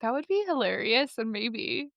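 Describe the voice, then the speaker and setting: A woman's voice: a little high, very animated, normal speed, vocal fry, dry recording, lo-fi sound. A woman co-hosting a podcast in casual chat, chatty and enthusiastic, laughing easily. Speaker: podcast co-host.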